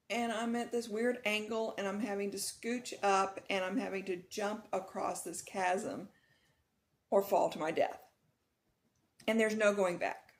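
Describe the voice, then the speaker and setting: A middle-aged woman from Texas chatting casually in a vlog, retelling a nightmare with laughs and animated swings. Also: medium pitch. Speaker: vlogger.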